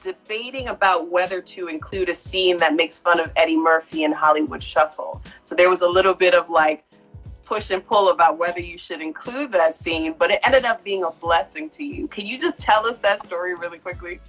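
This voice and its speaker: A woman's voice: fairly low pitch, fairly quick, a bit bright, soft background music, poor audio. A woman interviewing a guest and asking him probing questions in an earnest way.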